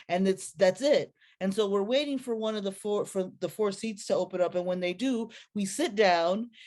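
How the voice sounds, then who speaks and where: A woman telling a personal story to an audience in a lively, slangy, conversational way. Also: fairly low pitch.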